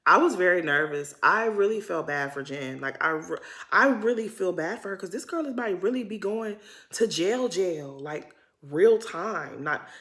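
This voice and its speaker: A woman's voice: medium pitch, fairly bright tone. A woman giving a casual, opinionated recap of a reality TV episode, talking in chatty slang and laughing often. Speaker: recap host.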